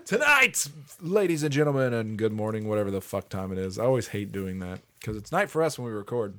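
A man's voice: fairly low pitch, quick pace. A man hosting a casual podcast, joking around, laughing often and swearing casually. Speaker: podcast host. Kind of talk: casual chat.

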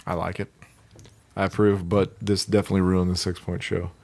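A man co-hosting a podcast in casual chat, animated, laughing and swearing often. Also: low voice, brisk, vocal fry. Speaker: podcast co-host.

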